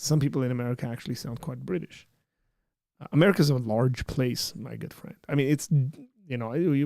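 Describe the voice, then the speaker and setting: A man's voice: mid-range voice, gravelly, no room sound, clean studio sound. A man hosting a live stream, chatting casually and joking as he reads viewer comments aloud.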